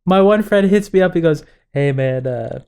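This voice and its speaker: A man's voice: on the high side, normal speed, smooth. A young man telling a story in casual podcast chat, acting out what others said and laughing often. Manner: animated storyteller, acts out quotes, laughs often. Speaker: podcast co-host.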